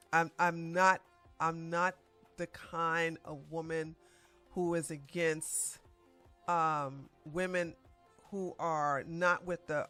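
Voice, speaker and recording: A woman's voice: lowish voice, a bit bright. A woman hosting her own channel, giving blunt, emphatic and scolding celebrity commentary.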